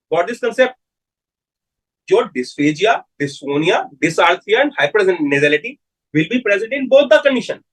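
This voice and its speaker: Husky Indian man quizzing medical students. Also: sits high, low-quality recording. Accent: Indian English. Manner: repeats key terms, quizzes students. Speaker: medical lecturer. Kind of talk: live online medical lecture.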